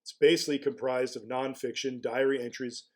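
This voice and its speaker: A man's voice: mid-range voice, fairly even intonation, fairly quick. A man talking through his ideas in casual spoken commentary as a blogger. He muses aloud, asks rhetorical questions and often restarts his phrases.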